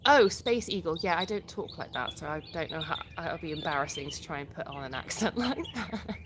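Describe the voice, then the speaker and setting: A woman's voice: low voice, expressive, brisk, noisy background. A woman with an English accent hosting a casual live stream, reading out viewer comments and answering them in a chatty way, often restarting her sentences. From England. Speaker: livestream host.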